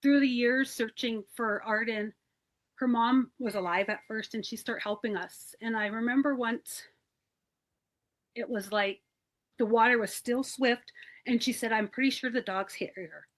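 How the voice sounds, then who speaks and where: A woman's voice: a little high, steady tone, unhurried. A woman from a search and rescue team, telling her story in a plain-spoken, rambling way with many fillers over a video call. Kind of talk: personal storytelling in an interview.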